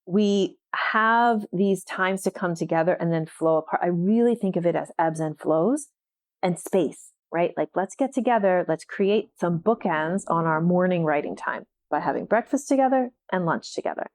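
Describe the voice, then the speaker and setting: A woman's voice: lowish voice, normal speed. A woman hosting a solo podcast as a writing coach, talking casually with frequent laughs and filler words. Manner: chatty, laughs often, fillers like "like" and "you know".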